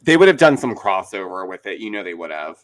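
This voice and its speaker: A young man guesting on a casual recap chat, animated and playfully mocking as he talks. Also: deep voice, quick pace.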